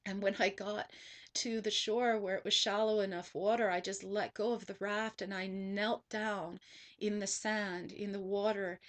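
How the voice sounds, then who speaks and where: A woman spiritual teacher telling a personal story in an earnest monologue, often repeating herself and restarting sentences. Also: mid-range voice.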